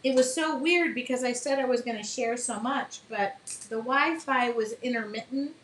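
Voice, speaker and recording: A woman's voice: a little high, moderate pace, slight background noise, low-quality recording. A woman hosting a casual live painting demo, chatting with viewers by name and apologizing for small slips as she works. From Michigan.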